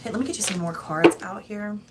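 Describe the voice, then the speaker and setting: A woman's voice: mid-range voice, fairly quick, very noisy. A woman giving a tarot reading in a casual, chatty, rambling way, often breaking into laughs. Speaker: tarot reader.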